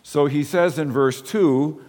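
A man's voice: fairly high pitch, takes it slowly, darkish tone, in a large hall. A man preaching a sermon as a pastor, earnest and asking the congregation rhetorical questions.

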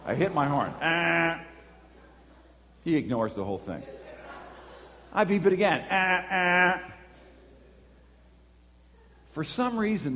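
A preacher delivers a sermon with an animated storytelling manner, acting out dialogue as he goes. His voice rings out in a hall with a long, lingering reverb. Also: mid-range voice. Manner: animated storytelling, acts out voices and horn beeps.

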